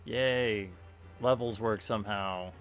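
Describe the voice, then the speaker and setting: A man streaming a tactics game, thinking aloud in a relaxed, casual way with many fillers. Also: fairly low pitch, takes it slowly. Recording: faint game music behind.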